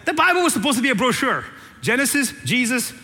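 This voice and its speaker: A man preaching in a church with a high, bright voice that rings with the long reverb of a large hall. He preaches in an animated, jokey way, teasing his congregation and repeating lines for emphasis. The sound is that of a sermon captured in a big sanctuary. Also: fast. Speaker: pastor.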